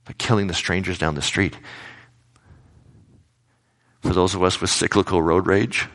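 A male pastor giving a casual, conversational sermon, telling everyday anecdotes with animated retellings. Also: deep voice, normal speed.

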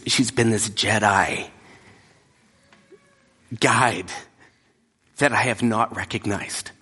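Male preacher, lowish husky voice, long hall reverb, intense with whispered drops. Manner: emphatic, drops to hushed whispers. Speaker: pastor. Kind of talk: sermon.

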